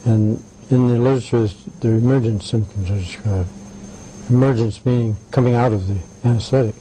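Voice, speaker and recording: An older man being interviewed, telling anecdotes in a halting way with many "right"s and "uh"s. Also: mid-range voice, fairly even intonation, dark tone, a little hiss or hum, low-quality recording. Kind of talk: conversational interview.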